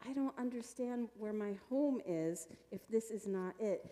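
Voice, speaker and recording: A woman's voice: fairly high pitch, measured pace, warm tone, natural voice. A woman voicing a confused young girl searching for her home, in a wondering, questioning way. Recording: long reverb of a church hall.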